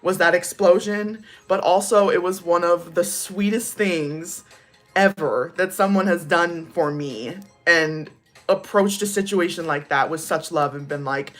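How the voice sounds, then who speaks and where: Low-voiced young woman telling a rambling story. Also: measured pace, soft background music. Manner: rambling, many "like" fillers, laughs through the story. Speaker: vlogger. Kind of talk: casual storytime chat.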